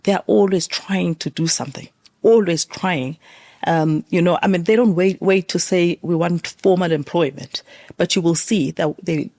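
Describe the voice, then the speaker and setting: A woman's voice: on the low side, normal speed, a little mellow. A woman from South Africa, a guest in a casual interview conversation, who talks with many fillers and restarts.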